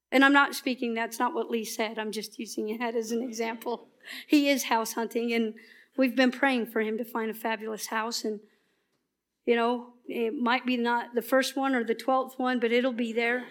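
A woman giving a passionate, emphatic sermon at church that often turns soft and earnest. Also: fairly high pitch. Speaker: church speaker.

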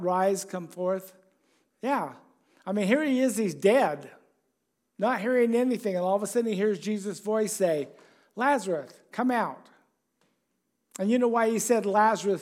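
A man's voice: high-pitched, darkish tone. A man preaching a sermon in a conversational way, chuckling and asking the congregation questions.

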